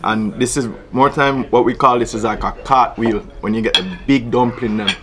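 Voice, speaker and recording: A Jamaican man casually explaining local dishes at a restaurant table, patient and relaxed, often saying "yeah, man". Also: medium pitch, moderate pace. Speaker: food vlog host. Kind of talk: casual food chat.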